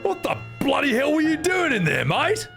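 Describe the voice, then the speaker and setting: A man voicing a cheeky, foul-mouthed schoolboy with an Australian accent and a high, brash, mocking voice. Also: huge pitch swings, moderate pace, gravelly, a bit bright, faint music behind, heavily acted.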